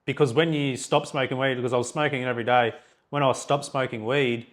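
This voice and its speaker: A young man with an Australian accent talks in loose, unpolished chat. He tells his own stories bluntly, with frequent swearing, and his voice sits at an ordinary middle pitch. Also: steady tone, fast. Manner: blunt, swears freely, storytelling. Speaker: podcast co-host. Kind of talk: casual chat.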